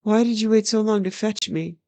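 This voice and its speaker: A storyteller voicing an earnest young boy prince in a read-aloud fantasy tale, with high, excited calls. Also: brisk, clean tone, dry recording, close to an everyday voice.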